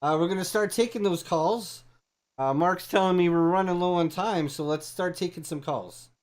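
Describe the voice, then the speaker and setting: A man's voice: sits high, normal speed. Chatty male talk show host. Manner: chatty, interrupts with eager questions. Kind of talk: comedic call-in talk show.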